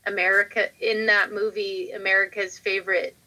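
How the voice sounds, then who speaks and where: A woman's voice: mid-range voice, flat delivery, normal speed, bright, forceful tone, rough recording. A woman co-hosting a podcast in casual chat, giggly and blunt, swearing casually. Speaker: podcast co-host.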